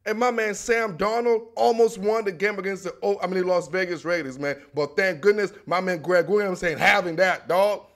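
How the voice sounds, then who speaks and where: A young man hosting a casual football talk show, animated and full of slang, ending lines with "man" and "dog". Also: high voice, normal speed, few pauses. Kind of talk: casual sports commentary.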